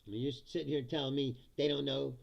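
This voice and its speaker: A man's voice: medium pitch, flat delivery, fast, creaky, darkish tone, lo-fi sound. A man hosting a live-stream, talking in a blunt, profane, ranting way and often laughing between remarks. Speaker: live-stream commentary host.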